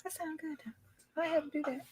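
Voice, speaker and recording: A woman's voice: high-pitched, steady tone, a little fast, a little mellow. A young adult woman rambling in casual chat, drawling and emphatic as a co-host.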